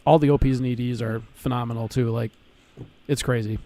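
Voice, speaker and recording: A man's voice: medium pitch, fairly even intonation, a little fast, dark tone. Laid-back man saying "dude" a lot. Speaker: podcast co-host. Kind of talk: casual podcast chat.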